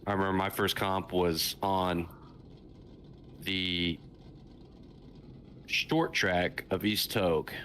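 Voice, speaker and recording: A man co-commentating a drift competition, relaxed and encouraging, dropping quick casual asides. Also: sits low, slight background noise. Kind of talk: casual chat between commentators.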